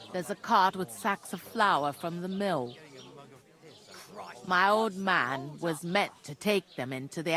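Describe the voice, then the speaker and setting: An actress voicing a blunt, bossy village tavern keeper with a northern English accent and coarse rural dialect. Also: female voice, mid-range voice, a bit bright. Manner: bossy, scolding. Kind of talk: video game voice acting.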